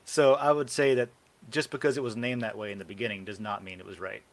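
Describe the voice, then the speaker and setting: Man, low voice, casual host, rambling with lots of ums. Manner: rambling, brainstorming aloud with many fillers. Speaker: podcast host. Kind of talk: casual live-stream chat.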